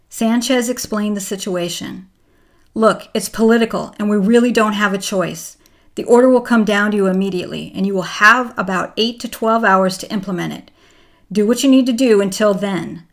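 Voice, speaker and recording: A woman giving scripted documentary narration in a measured, even reading voice. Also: medium pitch.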